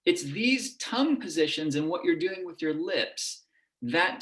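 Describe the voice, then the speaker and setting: A man with a lower Midwest American accent giving an online lecture and demonstrating vowel sounds as he explains. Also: big pitch swings, measured pace, fairly bright tone, echoey room. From United States.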